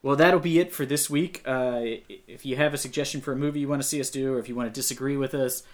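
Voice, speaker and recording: A man's voice: mid-range voice, fairly even intonation, fast talker. A man co-hosting a movie podcast, chatting casually and joking about the film. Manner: jokey, laughs and mimics characters. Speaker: podcast co-host. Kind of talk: casual movie review chat.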